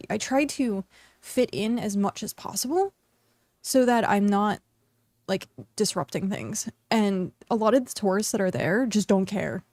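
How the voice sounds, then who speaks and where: A woman's voice: on the high side, a little mellow, no room sound. A woman streamer from the United States chatting casually while she plays, rambling with lots of fillers and restarts. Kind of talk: casual chat while gaming.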